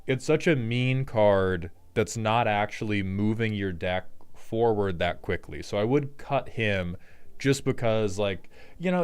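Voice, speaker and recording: A man hosting a relaxed card game deck breakdown, cracking jokes and dropping profane asides as he rambles. His voice sits on the lower side and comes through smooth and clean. He talks like he's chatting with friends. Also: normal speed. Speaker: host.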